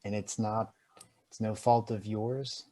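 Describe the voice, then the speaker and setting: Sex: man. Role: player. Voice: low, flat, slow. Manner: calm, earnest, measured. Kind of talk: in-character tabletop role-play.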